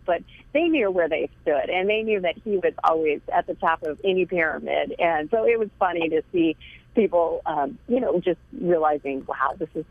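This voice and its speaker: A woman's voice: lowish voice, no room sound. A woman author talks earnestly over a thin, phone-like line. Her tone is heartfelt and she laughs lightly between stories. The sound is dry and close, with no room around it. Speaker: author and interview guest. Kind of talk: phone interview.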